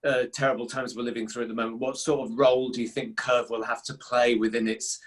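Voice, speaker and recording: A man's voice: medium pitch, flat delivery, fast talker. Guy hosting an interview, just asking open questions.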